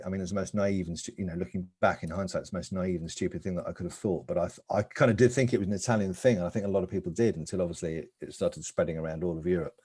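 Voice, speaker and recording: A deep-voiced man talks thoughtfully and earnestly on a cycling podcast, building his point at length. His low voice carries a sincere tone. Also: a little mellow. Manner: reflective, earnest. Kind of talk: podcast discussion.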